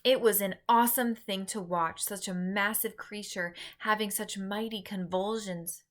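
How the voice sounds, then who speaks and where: A woman teacher reads a children's story aloud, her narration expressive and dramatic. Her voice is bright. She tells the story with lively emphasis. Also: mid-range voice, a little slow.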